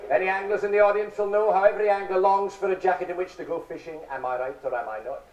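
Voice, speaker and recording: An English stand-up comedian in his forties, high-voiced and steady in tone, delivers wry, punning music hall patter with quick asides to a live audience in a large theatre. It's a roomy, distant, dull 1970s theatre broadcast with audience laughter in the background.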